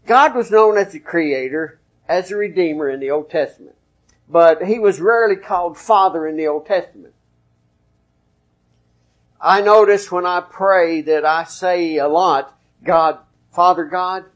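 A man's voice: high-pitched, measured pace. A man preaching a sermon in a folksy, conversational way, working through scripture references.

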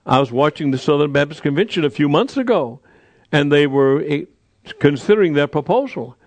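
An older man, a pastor, preaching in an earnest storytelling way, pausing and repeating himself. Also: on the high side, expressive, no room sound. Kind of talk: sermon.

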